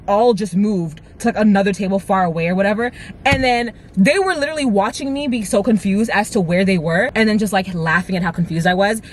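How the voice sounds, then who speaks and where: Young adult storyteller, mid-pitch, rapid and animated, filler-heavy, casual profanity. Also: a little hiss or hum. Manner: fast, rambling retelling full of "like" and "right?"; animated, swears freely. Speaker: vlogger. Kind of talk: storytime vlog.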